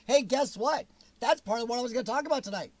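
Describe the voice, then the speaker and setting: A man's voice: very high voice, quick pace, no room sound. A man hosting a livestream, ranting angrily and sarcastically with plenty of profanity. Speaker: livestream host.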